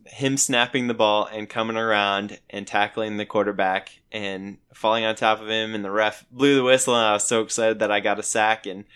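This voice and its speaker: Low, smooth-voiced man telling stories. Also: normal speed, few pauses. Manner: animated, laughs while telling stories. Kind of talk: casual storytelling.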